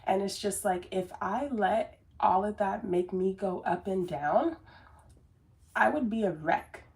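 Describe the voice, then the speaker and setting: A woman with a medium-pitched, gravelly, slightly mellow voice speaks a little slowly. She is a business coach giving a casual, earnest motivational talk to camera that rambles, with frequent fillers and restarts, and she describes herself as very sensitive.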